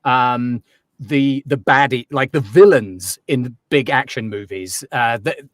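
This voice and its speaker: A man's voice: medium pitch, measured pace, no room sound. English man with a dry, close sound. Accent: English, softened toward transatlantic after years in Canada. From England. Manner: explanatory, wry, lots of ums and restarts. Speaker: accent coach and guest. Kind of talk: casual interview chat.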